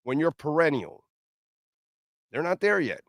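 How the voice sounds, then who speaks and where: Middle-aged guy on sports radio, kinda high voice, dry close mic, blunt and opinionated. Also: sing-song, measured pace, a bit bright, no echo. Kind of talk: sports talk radio rant.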